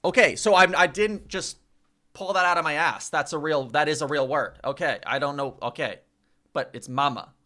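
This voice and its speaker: A man's voice: a little high, normal speed, pushed and bright. A man live-streaming as he practises a language, chatting casually, reading the chat aloud and repeating sounds over and over. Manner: reads chat aloud, chatty and self-mocking.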